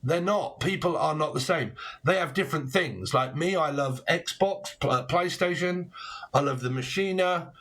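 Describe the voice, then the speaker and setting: A man in his forties gives a casual tarot reading, rambling along with puns and swearing freely. His voice sits a little high and sounds a bit bright, at a moderate pace.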